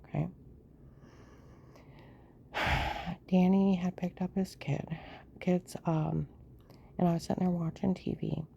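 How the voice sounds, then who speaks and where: Woman, lowish and very dark-toned, rambling personal monologue with frequent whispered asides. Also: fairly even intonation, slow pace, gravelly, long pauses, slight background noise. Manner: rambling, often slips into a hushed whisper. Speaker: storyteller recounting her own life.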